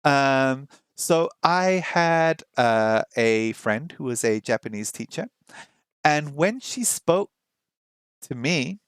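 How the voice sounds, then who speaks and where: A man hosting a language-learning vlog, chatting casually while trying out an app, thinking aloud with frequent ums and slowly sounding out simple phrases as a learner. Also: mid-range voice, clear, resonant tone, dry recording, clean studio sound. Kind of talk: casual screen-share commentary.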